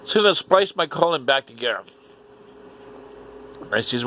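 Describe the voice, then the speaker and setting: A man telling a story in an animated, indignant rant, swearing often. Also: mid-range voice, moderate pace, a little hiss or hum. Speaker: vlogger. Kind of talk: casual ranting monologue.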